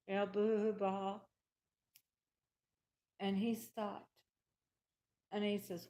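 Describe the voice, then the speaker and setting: Slow, emphatic storytelling woman. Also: medium pitch, fairly even intonation, dark tone. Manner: emphatic, repeats herself, acts out quoted dialogue. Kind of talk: personal storytelling talk.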